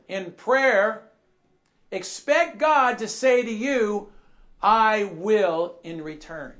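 A man preaching a sermon, emphatic and repetitive, asking his listeners questions and swinging from soft asides to shouted emphasis. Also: very high-pitched. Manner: emphatic, repeats key phrases, asks the congregation questions.

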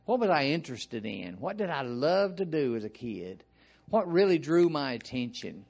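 An older man with a Southern American accent, preaching an informal sermon in a folksy, rambling way with frequent asides and throat clearing. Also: fairly high pitch, big pitch swings, moderate pace, darkish tone.

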